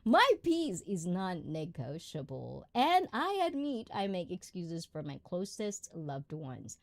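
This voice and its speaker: A woman talks through a casual live stream, greeting her viewers one by one and answering their comments. Her voice rises and falls widely as she chats, and she keeps an unhurried, easy pace with frequent giggles. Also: on the low side, big pitch swings. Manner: chatty and giggly, often trailing into laughter. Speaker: livestream host.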